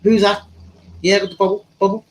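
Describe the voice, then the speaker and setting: A man's voice: high voice, flat delivery, fast talker, background noise, voice pushed up, lightly acted. A man putting on a brash young male street seller with an imitated Manchester accent and repetitive, pushy patter.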